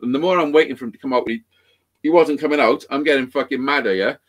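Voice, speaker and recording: A man's voice: medium pitch, quick pace. A man telling a rambling, sweary story in casual chat. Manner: rambling, heavy swearing, animated. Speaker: podcast guest storyteller.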